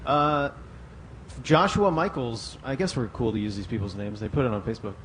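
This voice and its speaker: A man's voice: mid-range voice, normal speed, a bit bright, slight background noise. A man hosting a convention panel in a loose, chatty way, reading out fan questions. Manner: loose, chatty, lots of fillers. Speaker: panel host. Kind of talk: casual panel moderation.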